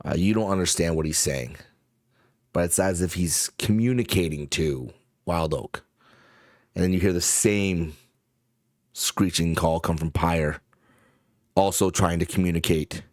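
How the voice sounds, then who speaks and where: A man with a very low voice runs a tabletop game, narrating slowly and haltingly as he hunts for words. His delivery is full of little fillers. The recording is close and dry, with no room sound. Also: no echo. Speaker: game master.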